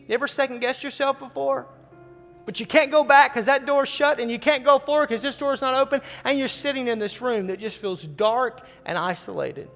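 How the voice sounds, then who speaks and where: Earnest high-voiced male pastor in a hall. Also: brisk, fairly bright tone. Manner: earnest, repeats words when starting phrases. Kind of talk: sermon storytelling.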